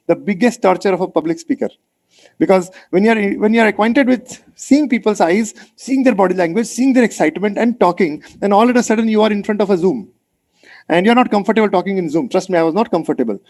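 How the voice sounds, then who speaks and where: Fast-talking high-voiced Indian English man. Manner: energetic, coaxing, repeats phrases for emphasis. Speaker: mentor leading an online session. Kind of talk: motivational webinar talk. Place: video call.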